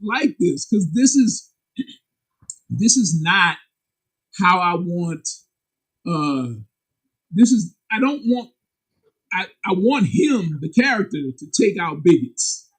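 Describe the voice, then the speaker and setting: A man, a comic book publisher and guest, chatting casually in an animated, candid, slangy way. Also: takes it slowly, long pauses, slightly rough, low-quality recording. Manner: animated and emphatic, sharp jumps in pitch. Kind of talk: casual chat.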